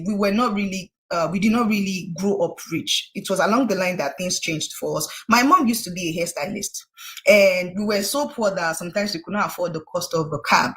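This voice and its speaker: A young woman with a Nigerian accent, a guest recounting a personal story in an interview in an animated, emphatic way. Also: medium pitch. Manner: animated, emphatic, with frequent restarts.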